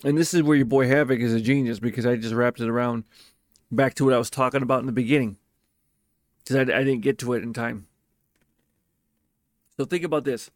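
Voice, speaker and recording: A man spins a personal story in a loose, casual monologue, cursing freely and leaning hard on his words. His voice sits at an ordinary middle pitch. It is recorded close and dry, with no room sound. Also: fairly quick, long pauses, no room sound. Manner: profane, emphatic and animated.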